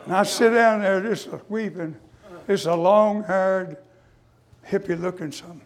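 High-voiced preacher shouting "amen". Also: male voice, measured pace. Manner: fervent preaching cadence with frequent "uh" and "amen"; swings from hushed confession to shouting. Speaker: preacher giving his testimony. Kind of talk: sermon.

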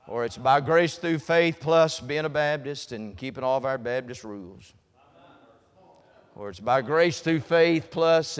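A man preaching a sermon with folksy humor, swinging from quiet asides to loud, shouted emphasis. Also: mid-range voice, clean tone, long reverb tail.

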